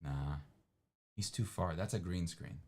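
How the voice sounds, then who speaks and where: A man with a very low, deep voice chats on a casual livestream. He rambles and pokes fun at himself, often trailing off mid-thought. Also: unhurried, gravelly, a little mellow, breathy edge. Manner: rambling, self-deprecating, trails off with fillers. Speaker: livestream co-host. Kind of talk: casual chat.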